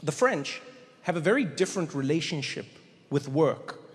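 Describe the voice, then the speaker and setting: High-voiced male comedian on stage. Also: normal speed. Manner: animated storyteller, acts out voices. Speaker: stand-up comedian. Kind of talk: stand-up storytelling. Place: large live venue. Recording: echoey hall with crowd noise. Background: audience laughter.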